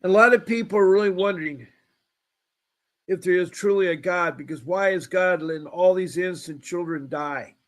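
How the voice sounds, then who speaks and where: Guy with a high voice hosting a call-in show, rambly and folksy, says things twice. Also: moderate pace. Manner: rambling, folksy, repeats himself. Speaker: show host. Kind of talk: casual call-in show talk.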